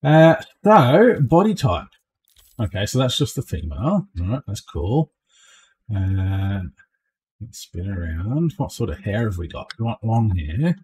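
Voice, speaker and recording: A man's voice: on the low side, sing-song, a little slow, a little mellow, a little hiss or hum. A man chatting casually while he plays a game on stream, joking along and often ending lines with a questioning "eh?". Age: adult. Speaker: streamer playing a space game. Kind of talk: casual gameplay commentary.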